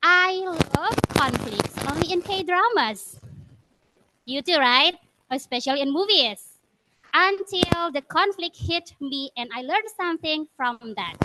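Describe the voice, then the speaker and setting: Woman, club speech, high voice, slow pace, chatty, questions the audience. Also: lively intonation, noisy background. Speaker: club member giving a speech. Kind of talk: prepared speech.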